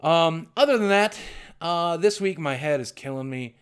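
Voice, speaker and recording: Middle aged guy rambling to his webcam, kinda high voice, self-deprecating, trips over his words a lot. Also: expressive, normal speed, clean tone. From southwestern Virginia. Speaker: YouTuber. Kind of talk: rambling vlog monologue.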